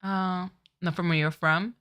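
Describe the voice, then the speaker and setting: A woman's voice: lowish voice, fairly even intonation, unhurried, a bit bright, clean tone. A woman reading the lines of an earnest young male attorney in her own voice.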